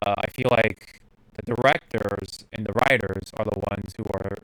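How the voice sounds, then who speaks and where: A man's voice: lowish voice, fairly even intonation, normal speed, a bit bright, no echo, low-quality recording. A man hosting a podcast in casual chat, rambling with lots of fillers and restarts. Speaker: podcast host.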